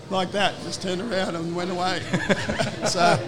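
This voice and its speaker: An older Australian man with a notably high voice tells rambling stories from his playing days. He slips into the back-and-forth of old conversations as he goes, in an easy, casual way. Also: big-room sound. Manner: rambling storyteller who acts out quoted exchanges. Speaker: former rugby league player, guest. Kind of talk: casual anecdote telling.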